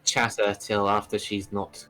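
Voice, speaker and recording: A man's voice: lowish voice, little pitch movement, a little slow, a bit bright, soft background music. A man playing at a tabletop game table, speaking bluntly and impatiently. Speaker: player.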